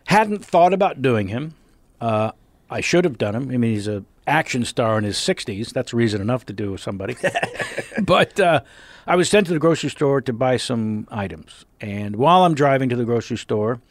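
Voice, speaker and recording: A man's voice: mid-range voice, moderate pace, no echo. A man, a comedian and impressionist, telling stories as a guest in a casual interview on a studio mic. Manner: storytelling, animated, laughs often. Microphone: studio mic with headphones.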